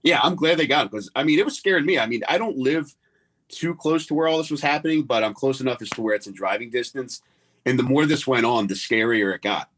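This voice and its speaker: A man's voice: mid-range voice, fast, fairly bright tone, slight background noise. A man, a comedian guest rambling through a story in casual chat with lots of fillers.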